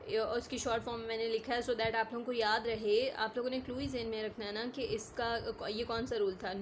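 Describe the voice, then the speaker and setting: Woman, online teacher, higher voice, faint noise behind, repetitive checks. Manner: patient, repetitive, asks "is that clear?" often; mixes English with Hindi-Urdu phrases. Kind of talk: online classroom lesson.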